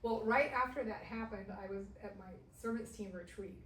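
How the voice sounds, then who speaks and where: Middle-aged woman Bible teacher, lively laughing storyteller, heard from a distance in an echoey church room with faint hiss. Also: medium pitch, moderate pace. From Southern California. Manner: lively storyteller who laughs and acts out quotes.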